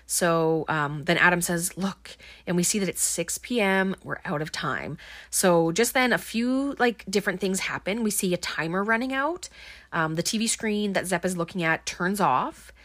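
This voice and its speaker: Chatty woman with a lowish voice. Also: expressive, moderate pace, a bit bright, dry recording. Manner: chatty, rambling, frequent ums and likes. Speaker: podcast host recapping a film. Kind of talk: casual film recap.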